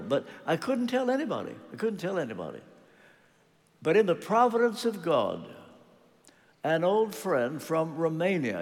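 An older man preaching a sermon, earnest and personal, telling a story with pauses and restarts. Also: fairly high pitch, big-room sound.

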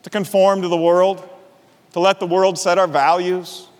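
A middle-aged man preaching a sermon as pastor, earnest, rising to emphatic peaks and dropping low and quiet for weight. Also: level tone, moderate pace, long reverb tail.

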